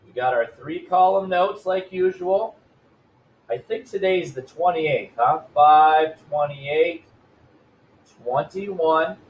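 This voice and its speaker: Guy teacher doing a math video for his class, chill and chatty, kinda high voice. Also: slow pace, phone-quality sound. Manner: casual, upbeat, talks straight to the students. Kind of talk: recorded math lesson for students.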